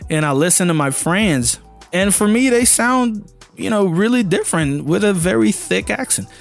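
A man in his thirties from Brazil with a Brazilian Portuguese accent, a native Portuguese speaker giving a casual, animated English pronunciation lesson and often asking the listener questions. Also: on the high side. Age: 30s. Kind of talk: casual spoken lesson to camera.

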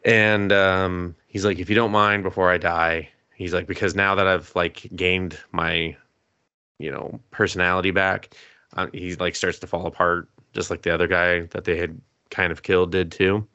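A man's voice: deep voice, flat delivery, moderate pace, sharp tone, clean tone, no echo, muffled recording. A man co-hosting a podcast, casually recapping an anime episode, acting out the characters' lines, laughing and swearing as he goes. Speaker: podcast co-host.

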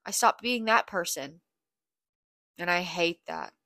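A woman's voice: on the low side, animated, unhurried, bright, forceful tone, dry recording, clean studio sound. A young woman hosting a podcast, talking in a blunt, candid, profane confessional monologue. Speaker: podcast host.

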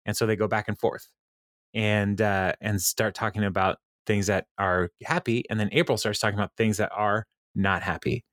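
Male podcast host, low register, dry close sound, relaxed and giggly. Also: normal speed, no echo. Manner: laughs often, lots of ums, reads out quotes. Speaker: podcast host recapping episodes. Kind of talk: casual chat.

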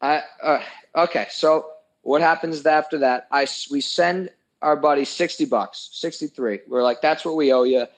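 A man's voice: on the high side, normal speed, low-quality recording. A young man telling a story in casual chat, ranting heatedly and swearing a lot.

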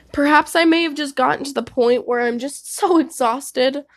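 A woman's voice: sits high, moderate pace, hardly any pauses. A young woman giving candid, casual advice to her viewers, swearing freely and saying "like" a lot. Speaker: vlogger.

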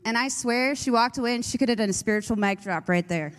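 This young woman, a youth leader, talks fast in a slightly high voice as she gives her faith testimony. It's conversational with many fillers, recorded with long hall reverb.

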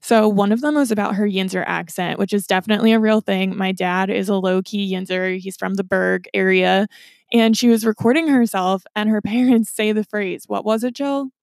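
A woman's voice: medium pitch, steady tone, normal speed, gravelly, a little mellow, no echo, clean studio sound. A young woman in her twenties with a Philadelphia accent, hosting a casual podcast chat, laughing easily and prompting her co-host.

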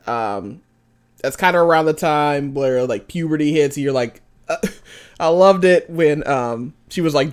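A young woman chats about a movie in a giggly, animated way, often laughing. Her voice swings widely in pitch as she jumps into high voices to act out lines. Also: smooth. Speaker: co-host. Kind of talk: casual movie review chat.

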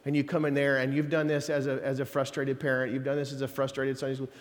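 This pastor's sermon comes fast and monotone in a mid-range voice, echoing around the church sanctuary. He preaches conversationally, adding folksy asides and emphatic quotes.

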